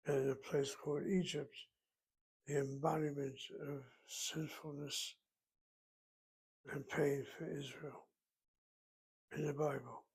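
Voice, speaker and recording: A man with a gravelly, husky voice pitched a little above the usual teaches Hebrew grammar. He talks slowly and methodically and thinks aloud as he works through each word. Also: rough recording. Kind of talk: recorded Hebrew grammar lesson.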